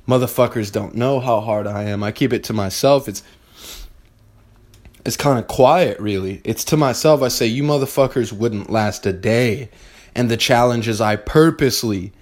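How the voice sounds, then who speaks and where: A young man talks straight at his listeners in a blunt, fired-up motivational rant. He swears freely and hammers his points home. His voice sits at an ordinary middle pitch for a man. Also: darkish tone. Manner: blunt, profane and fired-up, addressing listeners directly. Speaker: podcast host. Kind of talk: motivational monologue.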